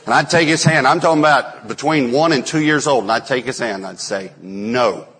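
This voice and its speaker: A man in his forties, a pastor preaching a sermon, telling stories and acting out quotes with sudden loud bursts. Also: medium pitch, fast talker, a little hiss or hum. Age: 40s.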